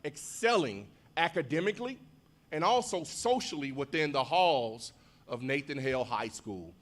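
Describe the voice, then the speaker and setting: A man's voice: a little high, normal speed. Rousing man giving a graduation speech. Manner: animated, rousing delivery with big swings in loudness; leads crowd call-and-response. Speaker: school principal.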